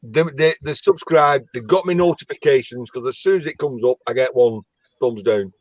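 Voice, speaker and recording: A man's voice: mid-range voice, normal speed, dry recording, rough recording. A man from near Manchester, a guest on a live stream who drops dry one-line jokes. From England, near Manchester. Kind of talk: casual live-stream chat.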